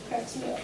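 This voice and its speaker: A woman teaching a singing workshop to a class, chatty, with many fillers and restarts, recorded from afar in an echoey classroom. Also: very noisy. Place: classroom at an early music event. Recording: echoey room mic from far off.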